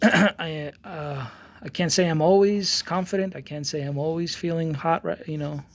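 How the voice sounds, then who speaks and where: A slightly high voice, fairly even in intonation and moderately paced, belongs to an artist in his forties giving a casual monologue to his channel. He acts out both sides of an argument in his story, rambling with many restarts and repeated words.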